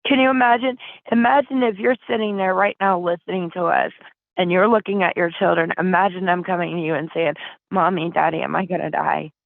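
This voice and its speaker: A Flint, Michigan woman with a fairly low pitch talks briskly as an interview guest, her plea urgent and emotional. The recording is dry, carried over a tinny phone line.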